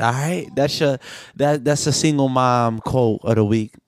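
A man's voice: medium pitch, unhurried, clear, resonant tone, no echo. A man co-hosting a podcast in casual chat, joking, teasing and swearing a lot. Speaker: podcast co-host.

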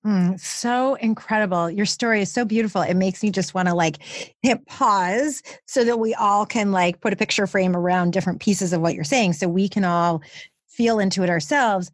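A woman's voice: mid-range voice, no room sound. Woman podcast host and coach, affirming and reflective, mid-range voice, dry close recording. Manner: reflective, affirming, slow and drawn-out phrasing. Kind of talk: podcast interview.

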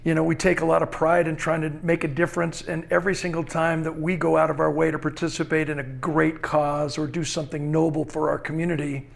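A man's voice: a little high, level tone, fast talker, creaky, few pauses. A male podcast host closing an interview, effusive and upbeat as he praises his guest and signs off. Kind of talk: interview sign-off.

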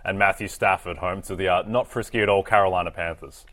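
Low-voiced, easygoing co-host. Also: male voice, fairly even intonation, quick pace, fairly bright tone. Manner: easygoing, laughs often, brief agreeing replies. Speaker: fantasy football co-host. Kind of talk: casual sports talk.

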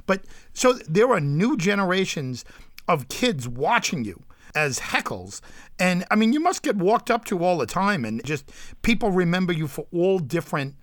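Male host, upbeat, quick to chime in, dry close sound. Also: high-pitched, big pitch swings, no room sound. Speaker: interview host. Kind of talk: casual interview chat.

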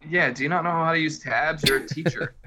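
A man's voice: fairly high pitch, a little fast, noisy background. A man co-hosting a casual sports podcast, teasing his friends and then giving football news matter-of-factly. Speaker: podcast co-host.

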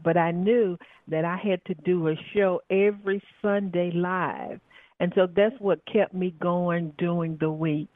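An earnest Southern woman, a radio talk show host and coach appearing as a guest, tells spiritual stories in an interview. Her lowish voice has no echo and comes through dry, thin phone-line audio, with frequent filler words.

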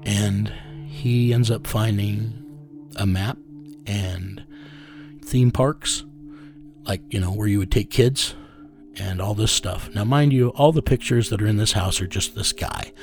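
A man's voice: lowish voice, slow pace, gravelly, a little mellow, soft background music. A man telling a story as an interview guest, blunt and profane, chuckling as he goes. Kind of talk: casual storytelling.

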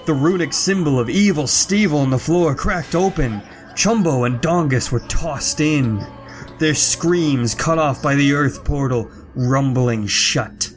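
Slow, dramatic male storyteller. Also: on the high side, faint music behind. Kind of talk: reading a spooky story aloud.

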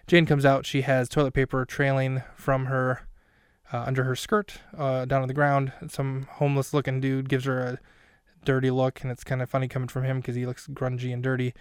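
A man's voice: mid-range voice, completely flat delivery, brisk, clear, resonant tone, no echo, studio quality. A man hosting a podcast who recaps a film scene by scene in a rambling, self-mocking way with plenty of fillers. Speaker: podcast host.

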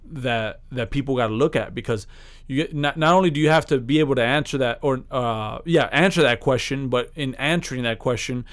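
A man's voice: medium pitch, brisk. A man co-hosting a podcast, telling a story in rambling casual chat with many restarts. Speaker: podcast co-host.

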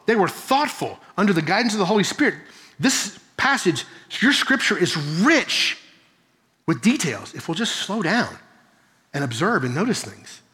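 A male Bible teacher preaching in a large church hall, his slightly high voice carried on a long reverb. He explains earnestly, asks the room rhetorical questions and corrects himself mid-sentence. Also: bright, forceful tone. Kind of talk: sermon.

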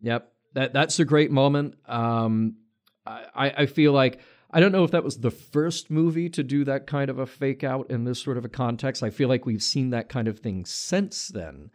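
A man's voice: medium pitch, moderate pace, darkish tone. Playful man gushing about movies. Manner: enthusiastic, playful, stammering restarts. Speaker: podcast co-host. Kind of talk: casual film discussion.

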